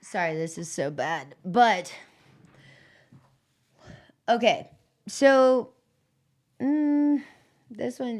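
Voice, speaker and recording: A woman's voice: mid-range voice, sing-song, slow pace, pauses often, a little mellow. A woman casually showing her plants on a live stream, chatty and loose, swearing freely and restarting her sentences while she moves nearer to and farther from the mic.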